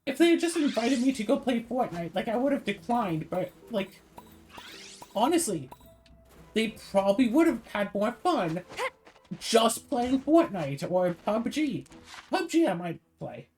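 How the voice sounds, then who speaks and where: A woman's voice: a little high, measured pace, faint music behind. A tired woman streaming a video game, ranting in a casual, sarcastic way. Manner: animated, sarcastic, mocking put-on voices. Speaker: gaming streamer. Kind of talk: casual ranting over gameplay.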